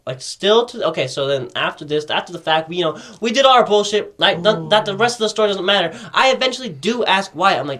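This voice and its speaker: High-voiced young man telling stories. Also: expressive, fast talker, hardly any pauses, pushed and bright. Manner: rambling, profane, acts out quotes, laughs often. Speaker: podcast co-host. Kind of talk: casual storytelling chat.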